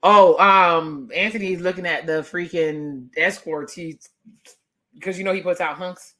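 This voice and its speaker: A woman vlogger giving a casual, sassy recap rant with animated delivery and laughing asides. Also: on the low side, unhurried.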